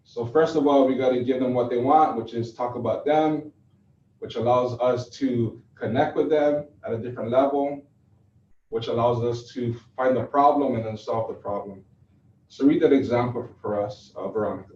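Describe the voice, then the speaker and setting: A man runs a sales training in a mellow, unhurried voice, caught by a mic some way off. The room is echoey and the sound is dull. He talks loosely, full of fillers and restarts. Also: mid-range voice, distant mic. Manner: casual, loose and chatty with fillers. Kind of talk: classroom training talk.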